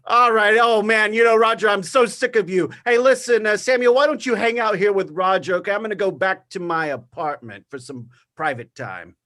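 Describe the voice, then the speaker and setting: A man's voice: high voice, brisk, few pauses, bright, forceful tone. A man performing improvised comedy on stage, loose and laughing.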